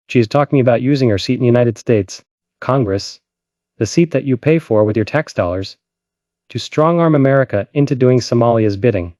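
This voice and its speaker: Dark-voiced man giving impassioned commentary. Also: medium pitch, dry recording, studio quality. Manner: dramatic, emotional, urgent. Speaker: host.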